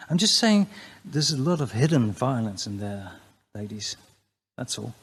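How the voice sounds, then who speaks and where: A man's voice: medium pitch, husky. A man giving a crude, brash comic talk to an audience, often jumping into mock voices. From Netherlands. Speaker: conference speaker.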